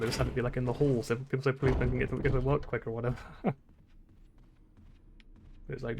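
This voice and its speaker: A man's voice: mid-range voice, level tone, fast talker, vocal fry, long pauses, a little mellow, slight background noise. Rambling, swearing young male streamer. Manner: rambling, swearing, laughing, self-mocking. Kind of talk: casual gameplay commentary.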